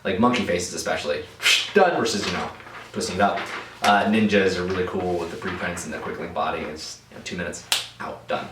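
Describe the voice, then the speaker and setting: Low-voiced man in an echoey room. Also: fairly quick, far from the mic, noisy background. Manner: rambling, conversational, many fillers and restarts. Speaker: balloon artist answering viewer questions. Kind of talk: casual Q&A vlog.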